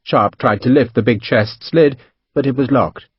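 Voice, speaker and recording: A man narrating an audiobook in an expressive storytelling manner. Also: mid-range voice, moderate pace, breathy edge, no echo, highs cut off. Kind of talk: scripted narration.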